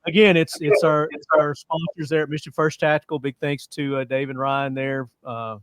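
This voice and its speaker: A man's voice: on the high side, level tone, moderate pace, clear, resonant tone, dry recording, clean studio sound. A man hosting a podcast in a casual, upbeat way, thanking sponsors and asking his guests questions. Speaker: podcast host.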